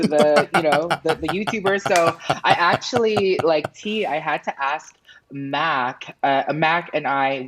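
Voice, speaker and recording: A man who is a guest on a casual podcast, telling stories with lots of acted-out quotes, swearing casually. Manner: animated storyteller, acts out quotes in high voices.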